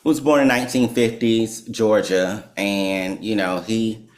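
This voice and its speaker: A man, a psychologist and author, telling a story in conversation, animated, laughing often and peppering his talk with "like" and "right?". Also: lowish voice, unhurried. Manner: animated storyteller who laughs and acts out quotes; filler-heavy with "like" and "right?".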